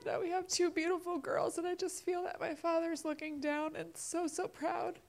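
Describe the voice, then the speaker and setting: A woman giving a personal testimony at a church service, emotional and halting, close to tears. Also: very high-pitched, level tone, slight background noise.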